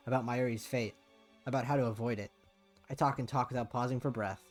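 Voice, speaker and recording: A man's voice: medium pitch, fairly even intonation, a little fast, soft background music. A man streaming as he reads a visual novel aloud, narrating casually and dropping swearing asides.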